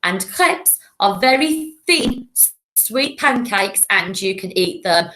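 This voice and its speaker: A primary school teacher, giving a recorded lesson to young children in a clear, patient and encouraging voice. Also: female voice, medium pitch, lively intonation, takes it slowly, a bit bright.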